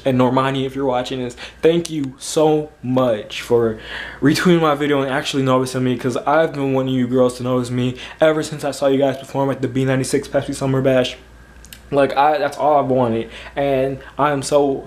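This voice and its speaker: A man vlogging at home late at night, gushing and repeating himself as he talks straight to his viewers. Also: mid-range voice. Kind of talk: excited reaction vlog.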